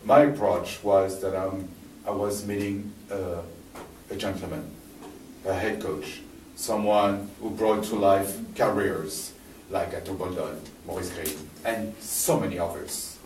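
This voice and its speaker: A man's voice: deep voice, steady tone, a little slow, darkish tone, slight background noise. A man with a French accent giving a live talk, telling a personal story with many restarts and fillers, recorded in a library hall. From France. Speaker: presenter. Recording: echoey hall from far off, faint ambience.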